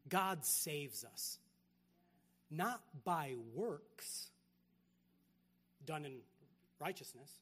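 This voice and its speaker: A man with a high voice preaches with animated energy. He throws out rhetorical questions and swings from loud emphasis to near-hushed asides. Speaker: pastor. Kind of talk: sermon.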